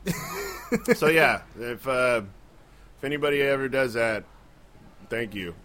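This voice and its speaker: A comedian chats casually on a podcast, telling profane club stories in loose fashion and mimicking people's voices. His voice is medium-pitched and sharp-toned, and he talks a little slowly.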